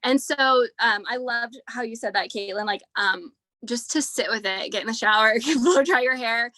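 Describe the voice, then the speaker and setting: A woman's voice: a little high, moderate pace, bright, forceful tone, dry recording. Earnest rambling woman on a video call. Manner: rambling, heavy use of "like" and "um"; earnest and emotional. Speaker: speaker at a team leadership training. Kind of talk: casual heartfelt talk.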